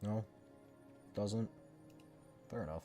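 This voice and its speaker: Male streamer, lowish voice, loose chatty commentary, music bed underneath. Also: takes it slowly. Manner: chatty, self-mumbling, addresses chat. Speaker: game streamer. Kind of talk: casual gameplay commentary.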